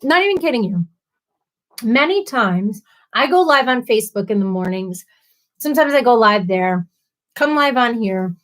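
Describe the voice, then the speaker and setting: A woman's voice: a little high, lively intonation, normal speed, pauses often, a bit bright. A woman hosting a casual live stream, reading viewer comments aloud and answering them with sympathy and playful asides. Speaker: livestream host.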